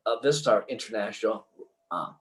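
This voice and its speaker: An older man, a filmmaker guest in an interview, telling a long anecdote in an excitable, rambling way full of restarts. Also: fairly low pitch, moderate pace, low-quality recording.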